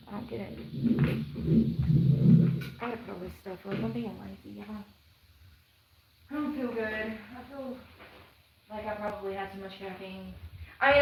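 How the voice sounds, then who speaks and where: A woman's voice: medium pitch, roomy sound, background noise. A woman chatting casually on a livestream, rambling, sighing and laughing at herself. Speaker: vlogger. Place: outdoors in the woods.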